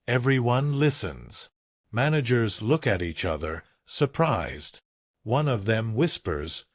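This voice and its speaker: A man narrating a scripted story in a slow, deliberate storytelling manner. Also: fairly low pitch, very animated, no room sound, clean studio sound.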